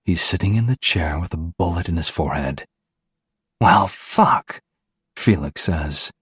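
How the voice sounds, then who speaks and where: A man's voice: deep voice, slightly rough, dry recording, studio quality. A man reading a first-person audiobook with a terse, hard-edged delivery. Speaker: audiobook narrator.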